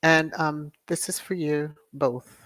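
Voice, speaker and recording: A livestream host chatting casually, reading viewer messages aloud and repeating thanks and soft prayerful affirmations. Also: mid-range voice, fairly even intonation, takes it slowly, no room sound.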